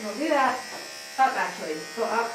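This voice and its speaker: A woman dog groomer on a live stream, talking softly and emotionally to a dog while she grooms it. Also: a little high, animated, moderate pace. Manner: soft, emotional, coaxing talk to a dog. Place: grooming room. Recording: roomy sound from a distance over faint noise.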